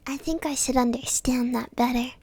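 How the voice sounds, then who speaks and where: A woman's voice: sits high, steady tone, normal speed, darkish tone, slightly rough. Alice, a woman doing a polite young girl. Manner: polite, a little indignant. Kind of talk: whispered role-play.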